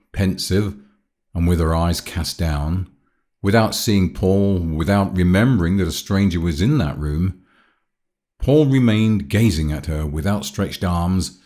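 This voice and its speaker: Deep-voiced male audiobook narrator. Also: a little mellow. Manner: measured, formal reading. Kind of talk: scripted narration.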